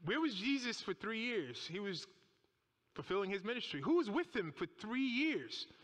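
High, bright-voiced man preaching. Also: big pitch swings, normal speed. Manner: emphatic, dramatic retelling with rhetorical questions. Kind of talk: sermon. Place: church. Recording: echoey church hall.

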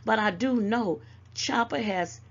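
An older woman with a Southern accent, a YouTube commentator, addresses the camera with motherly scolding and calls people "baby." Her voice is on the high side at a measured pace, and the audio sounds dull.

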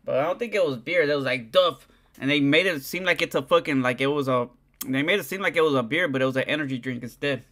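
A man's voice: a little high, fast talker, a bit bright. A man, chatting casually on a livestream, rambling and swearing in heavy slang. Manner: profane, slangy, rambling, keeps saying "dog".

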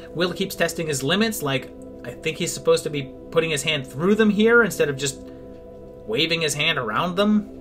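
Sarcastic male reviewer, slightly high, lively voice, dry comedic narration. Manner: sarcastic, wry. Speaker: movie reviewer. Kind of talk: scripted comedic video narration.

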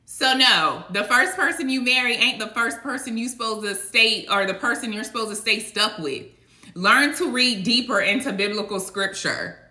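Woman, colloquial devotional preacher; sharp, bright tone; recorded in a roomy space. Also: fairly high pitch, normal speed. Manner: emphatic, colloquial, rhetorical. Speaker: online preacher. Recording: echoey room.

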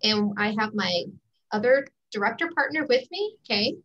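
Bright-voiced woman hosting a video call. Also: on the high side, lively intonation, normal speed, muffled recording. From Wisconsin. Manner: friendly, calls on each person by name. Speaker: regional director, meeting host. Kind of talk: online video meeting. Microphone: computer mic on a video call.

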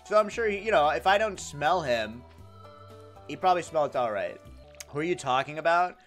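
Young guy streaming a game, kinda high voice, super bouncy and sarcastic with chat, faint game music behind. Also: expressive, normal speed, a bit bright. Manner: playful and sarcastic, reads and answers chat comments. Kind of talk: live-stream chat while gaming.

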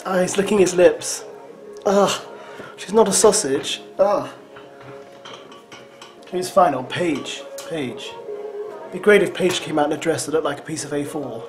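A man's voice: fairly high pitch, a little slow, long pauses. A man giving teasing, sarcastic running commentary as he reacts to a show. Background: show soundtrack music.

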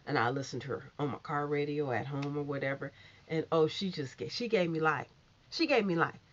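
A woman giving a casual, sassy opinion monologue as a commentary vlogger, swinging from loud outbursts to hushed asides. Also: low-pitched, fairly quick. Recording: muffled lo-fi recording.

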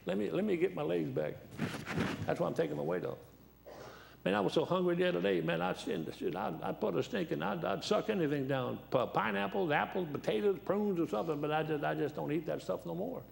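A man's voice: a little high, brisk, gravelly, slight background noise. An older man preaching as a guest, telling folksy, rambling stories and laughing at them. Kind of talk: sermon with storytelling.

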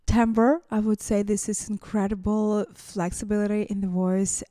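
A woman's voice: medium pitch, level tone, moderate pace, mellow, no room sound, clean studio sound. A woman vocal coach giving casual, enthusiastic reaction commentary as she listens to a singer, exclaiming often.

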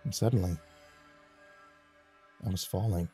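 Dark, mellow male horror narrator. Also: sits low, measured pace, faint music behind. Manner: dramatic first-person telling.

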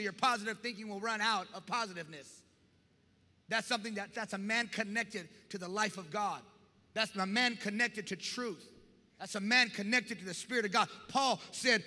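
A male pastor preaching a lively sermon to his church, often shouting and acting out scenes from the Bible. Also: sits high. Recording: reverberant church hall.

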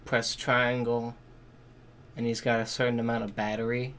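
A man giving casual, excitable reaction commentary on a game trailer, swearing freely and thinking out loud. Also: mid-range voice, moderate pace, a little hiss or hum. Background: game trailer music.

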